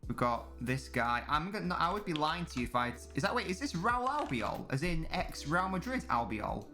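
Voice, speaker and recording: A man's voice: a little high, big pitch swings, normal speed, bright, forceful tone, faint music behind. A young man, a live streamer, chatting casually and swearing as he reads and answers messages from his chat during a football watch-along.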